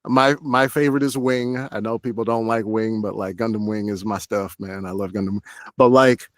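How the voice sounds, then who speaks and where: A man's voice: lowish voice, fairly even intonation, normal speed, dry recording, studio quality. A young adult man, a voice actor, talking casually in an interview, rambling with many fillers and acting out short quoted lines. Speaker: voice actor guest.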